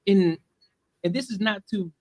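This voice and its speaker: A man's voice: high voice, unhurried, no echo, poor audio. Emphatic man in his thirties, dry sound. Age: 30s. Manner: emphatic, plain-spoken, acts out cop exchanges. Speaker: podcast co-host. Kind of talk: casual chat.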